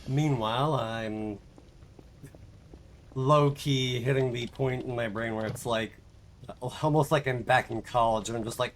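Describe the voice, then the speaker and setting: A man's voice: medium pitch, steady tone, unhurried, long pauses, a little hiss or hum. A young man streaming a game, chatting casually in a rambling, self-mocking way and laughing often. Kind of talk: casual chat while gaming.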